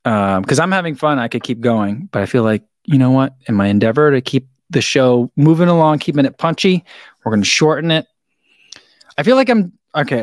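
A relaxed man chats through viewer questions on his live stream, rambling easily and chuckling as he goes. His voice sits at an ordinary middle pitch. The sound is close and dry, with almost no room echo. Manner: laid-back, rambling, chuckles often. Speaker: running shoe reviewer hosting a live stream. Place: indoor studio room with a wall of shoes.

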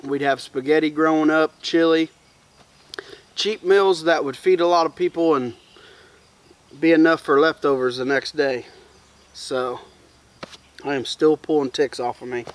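A man, chatting casually to camera at a woodland campsite in a relaxed, rambling way. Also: a little high, a little slow, pauses often. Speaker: bushcraft vlogger. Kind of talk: casual campfire chat to camera. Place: outdoors in the woods at a campsite. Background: crickets and insects.

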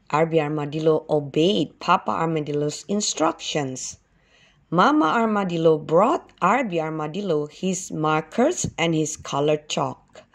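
A woman teaching kindergarten, reading a children's animal story aloud in a slow, expressive way. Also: lowish voice.

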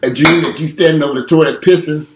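A man in his forties telling a candid, profane story straight to his viewers in an animated way. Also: on the high side, quick pace, a little hiss or hum. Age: 40s. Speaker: vlogger.

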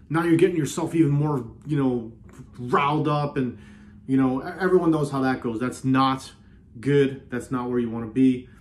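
A man's voice: on the high side, a little mellow. Give me a man in a self-help video, talking casually and earnestly in a room with a noticeable echo. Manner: earnest, repeats and restarts, slows down on key phrases. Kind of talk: casual motivational talk. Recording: roomy echo.

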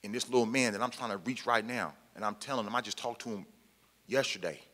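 Formerly incarcerated man addressing a room, low-pitched and bright, emphatic and colloquial, in a reverberant hall. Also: fast. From Pacific Northwest, US. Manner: emphatic, repeats key lines, plain colloquial speech. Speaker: formerly incarcerated panel speaker. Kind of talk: impassioned public talk to an audience.

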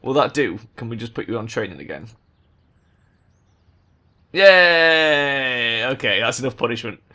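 A man giving game commentary as a gaming video maker, exasperated and swearing a lot, breaking into loud rants. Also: mid-range voice, expressive, fast, husky. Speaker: gaming YouTuber.

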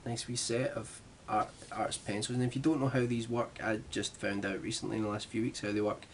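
A young Glaswegian man with a lowish voice talks to camera in a loose, chatty vlog style. He pokes fun at himself and wanders off into asides. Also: level tone, brisk, a little hiss or hum. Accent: Glaswegian Scottish. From Glasgow, Scotland. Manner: chatty and self-deprecating, with rambling asides. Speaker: vlogger. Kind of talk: casual vlog chat.

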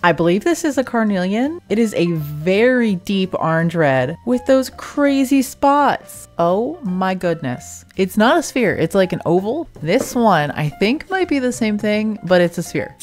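An excitable woman talks casually through an unboxing, gushing over each find. Her voice sits at a middle pitch. Faint music plays underneath. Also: unhurried, few pauses. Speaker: crystal collector vlogger.

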